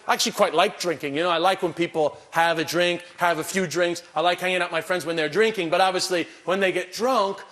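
A man doing a stand-up comedy routine, animated and mocking. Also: high voice, fast, few pauses. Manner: animated, mocking, puts on voices for punchlines. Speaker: comedian and documentary host.

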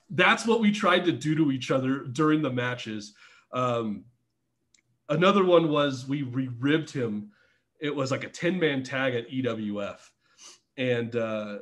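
A man's voice: mid-range voice, a bit bright. A middle-aged man telling wrestling stories in a casual podcast chat, laughing often and swearing freely. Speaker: podcast guest, former pro wrestler.

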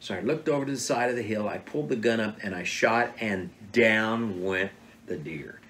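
A man's voice: fairly low pitch, normal speed. Man, storytelling father, mid-range voice, plays out every quote with relish, a faint background hum. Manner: animated, acts out quoted dialogue. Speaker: father telling hunting stories. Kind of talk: casual storytelling interview.

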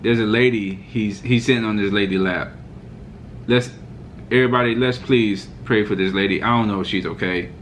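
Brief: fired-up male vlogger with a lower-pitched voice and a mocking, ranting delivery, faint hiss behind him. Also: steady tone, normal speed, fairly bright tone. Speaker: sports reaction vlogger. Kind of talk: heated reaction rant.

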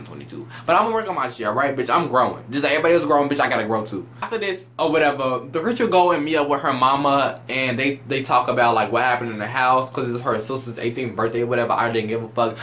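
A young man giving a loud, animated, profane rant as he reviews a reality show. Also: mid-range voice, fast, a little hiss or hum.

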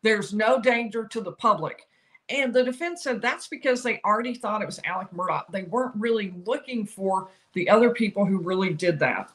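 A woman, older, giving solo legal commentary, explaining each side's arguments and quoting lawyers with animated emphasis. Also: medium pitch, brisk.

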